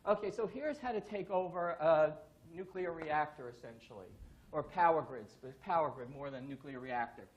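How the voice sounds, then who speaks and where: A man's voice: fairly high pitch, normal speed, muffled recording. A man giving a conference talk to an audience, telling casual stories with the odd curse word. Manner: casual, profane, storytelling. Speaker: conference speaker. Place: conference stage before an audience.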